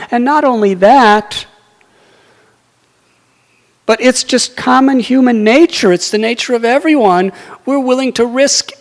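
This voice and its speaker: A man's voice: high voice, creaky, pitched above the performer's own voice, heavily acted. A man voicing an aged male sage, wry and testing, speaking incredulously in a raised voice. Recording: echoey hall.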